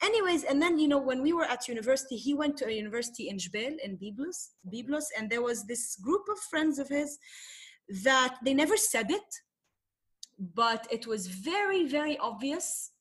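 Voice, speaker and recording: A middle-aged Lebanese woman, a poet, telling her story in a candid interview, animated, swearing freely and mixing in Arabic phrases. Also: high voice, fairly quick. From Tripoli, Lebanon. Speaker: poet, guest.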